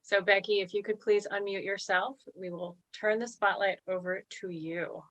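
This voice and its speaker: A woman's voice: mid-range voice, steady tone, normal speed, fairly bright tone, rough recording. A woman hosting a reading on a video call, reading out a poet's credits and correcting a slip. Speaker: reading series host. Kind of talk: reading a speaker introduction.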